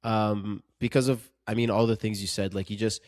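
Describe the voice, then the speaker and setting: A man's voice: fairly low pitch, level tone, moderate pace, darkish tone, no echo, studio quality. A man co-hosting a podcast, chatting casually about a film in an earnest, emphatic way and often stumbling over repeated words. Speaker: podcast co-host. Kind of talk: casual film review chat.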